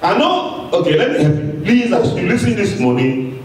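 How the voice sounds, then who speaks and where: A man preaching a sermon with excitement, swinging between booming shouts and low asides, often laughing. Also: moderate pace. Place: church sanctuary. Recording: very echoey, from far off the mic.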